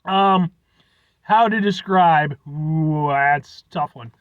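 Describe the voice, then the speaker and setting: A man's voice: on the high side, slow pace, dry recording, narrow, tinny audio. A man casually reviewing a drink, rambling with lots of fillers and self-deprecating asides. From United States. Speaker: food reviewer. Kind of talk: casual chat.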